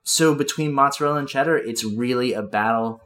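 A man who is a guest on a comedy podcast, talking casually and joking, playing a self-styled expert who hesitates, restarts and fills his pauses with ums. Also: medium pitch, fairly bright tone.

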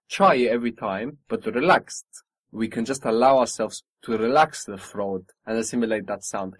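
A man's voice: mid-range voice, dry recording. A man teaching a spoken language lesson, patiently modelling pronunciation and encouraging his student.

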